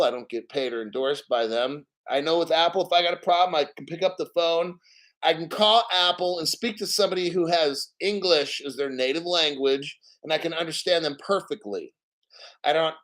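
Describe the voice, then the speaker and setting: A man's voice: fairly high pitch, fairly bright tone. A man hosting a casual livestream, reading financial news and chat comments aloud and giving blunt, profane opinions.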